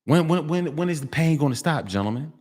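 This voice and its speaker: A man's voice: fairly high pitch, animated, fairly quick, a little mellow. A middle-aged man, delivering a street monologue vlog, preachy and repetitive, often breaking into sing-song refrains. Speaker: vlogger.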